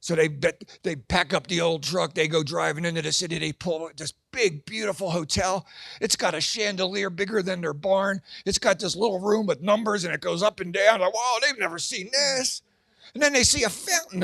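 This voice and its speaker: With a creaky, slightly bright voice, an older man with grandchildren does a comedy set at a church fundraising gala. He fires off quick asides and adopts high voices for his characters, and there's no room sound.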